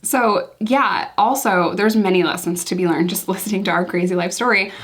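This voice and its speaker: A woman's voice: medium pitch, normal speed. Woman guest on a podcast, chatty, laughs a lot, easygoing. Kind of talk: casual chat.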